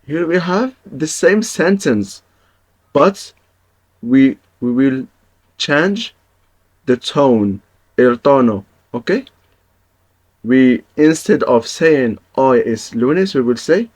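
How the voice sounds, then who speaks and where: Man, language lesson, unhurried delivery, mid-pitched voice, repeats examples, checks in with viewers often. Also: expressive, darkish tone. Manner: patient, repeats each example, checks in with "okay, guys". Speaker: Spanish teacher.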